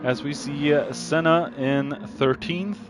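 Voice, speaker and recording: A man giving live commentary on a sim racing league, calling overtakes and getting excited, even shouting warnings at drivers. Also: on the high side, slow, music in the background.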